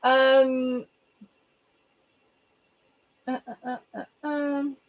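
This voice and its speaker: A woman's voice: fairly high pitch, a little slow. A young woman chatting casually with viewers on a livestream, rambling and humming between thoughts, recorded on a laptop's built-in mic at home. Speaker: livestreamer answering viewer comments. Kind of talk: casual chat. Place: home room with a bookshelf. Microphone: laptop built-in webcam mic.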